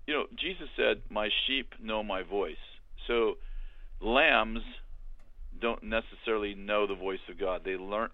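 An older man telling his story in a halting, conversational way, with many restarts, as a guest on a remote call. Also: fairly low pitch, dry recording. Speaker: guest, author and minister. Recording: tinny phone-like line.

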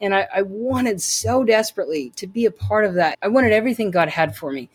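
An earnest woman speaks as an interview guest, sharing her personal faith testimony. Her voice sits at an ordinary middle pitch, and she leans on repeated phrases to drive each point home. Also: lively intonation, brisk, slightly rough.

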